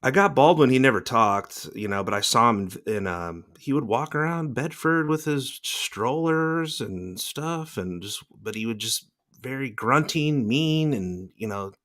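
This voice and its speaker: Male podcast host, casual rambling storyteller, middle pitch. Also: a little slow, few pauses. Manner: rambling storyteller, lively quoted voices. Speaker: podcast host, former celebrity news producer. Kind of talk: casual chat.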